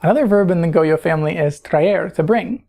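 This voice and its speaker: Woman teacher, low mellow voice, patient explainer who quizzes the listener. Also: fairly quick. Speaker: Spanish teacher. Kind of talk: recorded grammar lesson.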